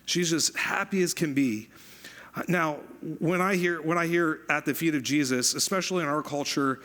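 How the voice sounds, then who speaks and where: A man preaching a sermon as pastor, conversational and animated, repeating phrases for emphasis. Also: fairly high pitch, normal speed.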